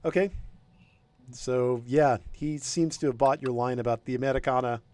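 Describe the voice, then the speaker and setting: A man running a tabletop game as game master, talking in a rambling, hesitant way with many pauses. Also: medium pitch, steady tone, darkish tone, no echo. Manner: rambling, hesitant, lots of ums.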